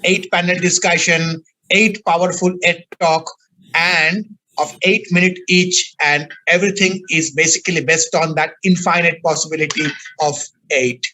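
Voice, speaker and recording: A man with a bright, slightly high voice wraps up a conference session over a video call. He speaks haltingly, with many fillers and restarts. A faint hiss sits under the line. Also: fairly even intonation, poor audio. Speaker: conference convener. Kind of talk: closing remarks on a video call.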